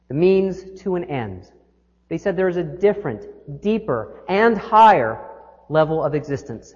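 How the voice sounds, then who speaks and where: Male minister, slightly high voice, storytelling sermon, echoey hall, dull lo-fi audio. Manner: storytelling, shifting between quick and slow.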